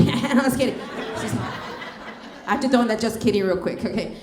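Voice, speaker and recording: A woman's voice: mid-range voice, moderate pace, roomy sound. A middle-aged woman from Texas doing a stand-up comedy set on a club stage, telling stories and acting out the dialogue. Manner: animated storytelling, acting out dialogue. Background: audience laughter.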